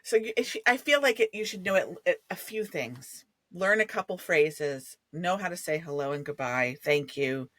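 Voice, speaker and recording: Middle-aged lady interviewer, talks a lot, warm and gushy, dry mic. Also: lowish voice, animated, moderate pace, few pauses, no room sound. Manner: chatty and effusive. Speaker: podcast host. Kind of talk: conversational interview.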